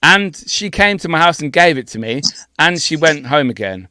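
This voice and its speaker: A man's voice: fairly high pitch, expressive, normal speed, bright, forceful tone, smooth, no room sound, studio quality. A man co-hosting a podcast, ranting indignantly and swearing freely in casual chat. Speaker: podcast co-host.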